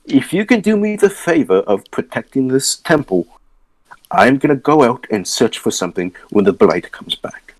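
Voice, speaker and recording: A man's voice: mid-range voice, moderate pace, no echo. A man running a tabletop game as game master over an online voice call, setting scenes and asking the players questions. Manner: explains calmly, sets scenes, asks players questions.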